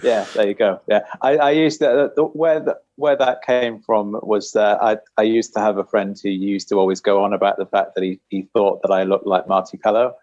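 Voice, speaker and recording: A man's voice: on the low side, steady tone, moderate pace, hardly any pauses, a little mellow, no echo, highs cut off. A man who is a guest author, chatting casually and modestly with laughing asides. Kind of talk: casual podcast chat.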